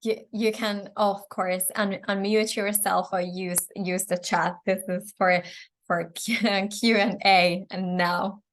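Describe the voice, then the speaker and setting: A woman's voice: mid-range voice, flat delivery, slow, a bit bright. A woman business coach running a live online mentoring session, talking in a friendly, loose way with frequent hesitations and restarts, her voice tiring after a long stretch. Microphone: video call microphone.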